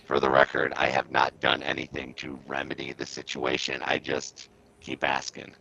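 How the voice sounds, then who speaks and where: Gravelly, very deep man on a muffled mic. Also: normal speed. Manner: deadpan, teasing. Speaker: podcast co-host. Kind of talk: casual livestream chat. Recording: dull, muffled mic that sounds robotic.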